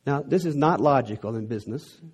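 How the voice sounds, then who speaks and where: A man's voice: mid-range voice, animated, a little fast, a little mellow, breathy edge. A middle-aged man from Texas with a Texan accent, preaching a sermon in an earnest way that builds to emphatic peaks.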